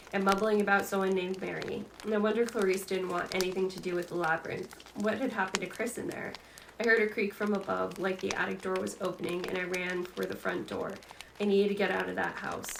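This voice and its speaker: A woman host gently reading a novel aloud in an ASMR book reading. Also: medium pitch, gravelly, slight background noise, low-quality recording. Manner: soft, gentle narration.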